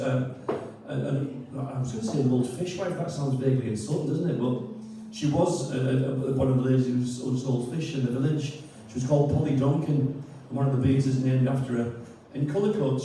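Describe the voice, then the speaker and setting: A man chatting through a homely local tale, halting and self-deprecating, with lots of restarts. His voice is mellow and warm, sitting a little high, and it rings around a very echoey room from some distance off, with a faint hum behind. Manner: chatty, hesitant, self-deprecating, chuckles often. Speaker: poet and storyteller introducing a tune. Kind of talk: rambling spoken introduction. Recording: echoey room, mic far off.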